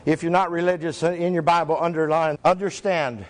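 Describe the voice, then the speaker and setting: A male pastor preaching a sermon to his church, reading scripture slowly and stressing single words. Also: on the high side. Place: church sanctuary. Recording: echoey church hall.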